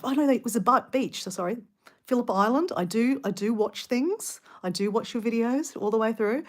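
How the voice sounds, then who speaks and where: A woman's voice: medium pitch, darkish tone. An older Australian woman chatting casually on a travel livestream. She rambles and laughs at herself, with plenty of fillers and restarts. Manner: chatty and self-deprecating, lots of fillers and restarts. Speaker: travel vlogger. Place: small hotel in France at night.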